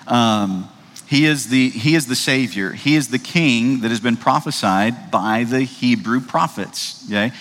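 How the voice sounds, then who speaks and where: Male pastor, mid-pitched, chatty sermon delivery with lots of "uh" and "right?", long church-hall echo. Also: a bit bright. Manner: conversational, frequent fillers and tag questions; reads scripture aloud in old-fashioned wording.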